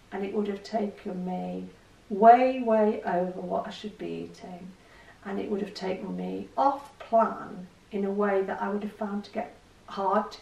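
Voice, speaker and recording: A woman's voice: mid-range voice, vocal fry, a little mellow, reverberant, distant mic, poor audio. A middle-aged woman vlogging in a candid, self-deprecating casual chat to the camera.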